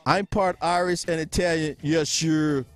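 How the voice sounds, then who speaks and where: A man's voice: a little high, fairly even intonation, a little slow. A man hosting a casual sports podcast, joking, laughing often and greeting viewers by name. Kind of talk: casual live-stream chat with viewers.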